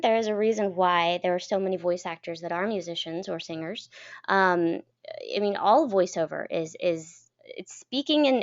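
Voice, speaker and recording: A woman coaching a voice acting class, talking in a chatty, clear-toned way with lots of fillers. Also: mid-range voice. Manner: chatty, laughs often, many fillers. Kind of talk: teaching a class. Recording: dull lo-fi recording.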